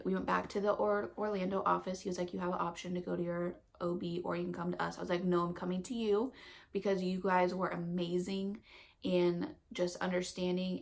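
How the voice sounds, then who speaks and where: A woman's voice: fairly low pitch, creaky. A young pregnant woman telling a story in a casual, chatty vlog, full of fillers and laughing as she goes. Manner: chatty, lots of fillers, emotional retelling. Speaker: vlogger.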